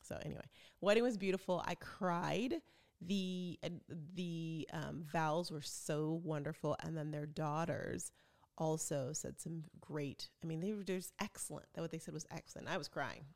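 A woman's voice: low-pitched, moderate pace, vocal fry, darkish tone. A middle-aged woman, chatting casually as a podcast host and telling stories with quoted voices. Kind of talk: casual chat.

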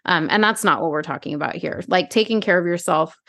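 A woman in her thirties co-hosting a podcast, talking casually with lots of fillers and animated asides. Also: on the low side, fast, dry recording, studio quality. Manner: chatty, lots of "like", animated retelling. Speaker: podcast co-host. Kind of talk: casual chat.

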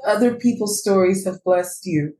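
A woman's voice: mid-range voice, normal speed, dark tone. A woman hosting a casual chat, encouraging and affirming her guest. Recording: roomy, from the mic, faint noise.

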